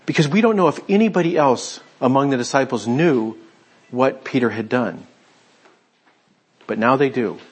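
A man preaching a conversational sermon, retelling a scripture story and voicing its speakers in quick asides. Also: mid-range voice, lively intonation, breathy edge. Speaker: pastor.

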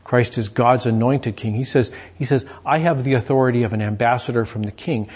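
A man preaches a sermon in a conversational style, paraphrasing scripture and often repeating words as he restarts sentences. His mid-range voice is brisk and fairly even in intonation, a little mellow with a breathy edge.

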